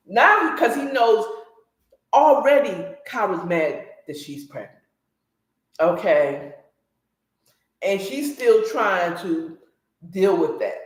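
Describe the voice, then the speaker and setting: Talking slowly in a mid-range voice, a woman hosting a book recap goes over a story and adds pointed, opinionated remarks. Her delivery is animated and direct to her audience, heard through a roomy echo.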